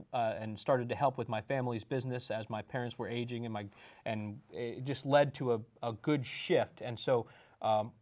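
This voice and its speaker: A man's voice: mid-range voice, a little mellow. A man in his thirties, a town mayor, answering interview questions earnestly and explaining at length. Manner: earnest, explanatory, acts out quoted chats.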